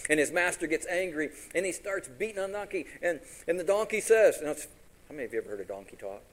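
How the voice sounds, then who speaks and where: A man's voice: on the high side, fast talker, low-quality recording. A man preaching a sermon, retelling a story with acted-out voices and questions to the congregation. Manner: animated, acts out each character's lines in the story.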